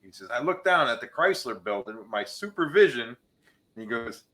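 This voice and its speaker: A man hosts a casual talk show, his voice bright and forward. He tells jokes with animated shifts between the characters' voices. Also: fairly quick. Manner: animated joke-teller, changes pitch for each character. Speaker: podcast host. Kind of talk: casual chat, telling jokes.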